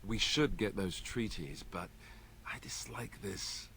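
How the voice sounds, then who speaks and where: A dry-witted young warrior. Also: male voice, deep voice, slow, slight background noise, full character voice. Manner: dry, deadpan humor. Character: wry young male warrior, dry joker.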